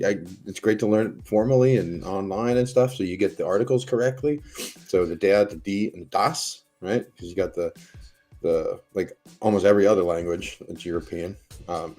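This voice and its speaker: A man's voice: low-pitched, a little mellow. A middle-aged American man hosting a casual livestream, rambling and swearing as he chats with viewers and tells stories. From United States. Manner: rambling, profane, chatty storytelling. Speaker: livestream host. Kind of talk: casual chat to a live audience.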